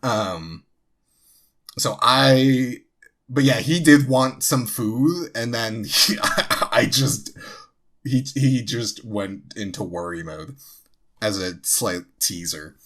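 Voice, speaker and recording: Man, young adult, from New Jersey, podcast co-host, casual storytelling, rambling, slow-paced. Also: medium pitch, fairly bright tone. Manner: rambling, full of fillers and restarts.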